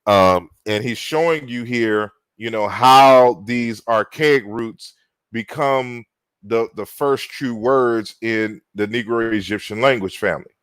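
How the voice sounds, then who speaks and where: A man giving an online lecture and walking through slides, talking in an unhurried way with many fillers and restarts. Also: mid-range voice, a bit bright, clear, resonant tone, dry recording. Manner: unhurried, frequent "you know" fillers and restarts.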